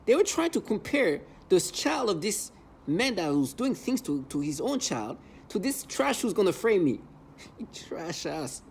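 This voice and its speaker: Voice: medium pitch, very animated, unhurried, a little hiss or hum. A vlogger ranting in an agitated, emotional monologue, hurling repeated insults.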